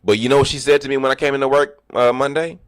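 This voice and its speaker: A man livestreaming, telling animated, profane stories about work and acting out what people said. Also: medium pitch, fast talker, clean tone, no echo, studio quality. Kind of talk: casual storytelling chat.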